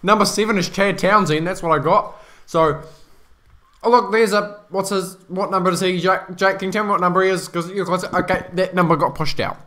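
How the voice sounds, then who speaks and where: A man co-commentating a rugby league match casually, tossing out quick jokey remarks. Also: high-pitched, fairly even intonation, pushed and bright.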